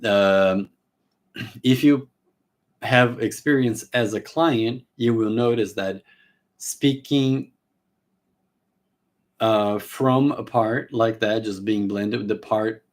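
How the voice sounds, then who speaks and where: A man with a lowish voice teaches live in a relaxed, unscripted way. He stops and restarts sentences often and slips into brief acted exchanges between a therapist and a client to show his points. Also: slow pace, pauses often. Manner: casual, many fillers and restarts. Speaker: therapy trainer.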